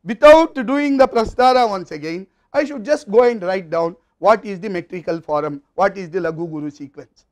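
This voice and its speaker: A man's voice: high-pitched, normal speed, a little mellow. A man with an Indian English accent giving a university lecture, explaining step by step in a methodical way.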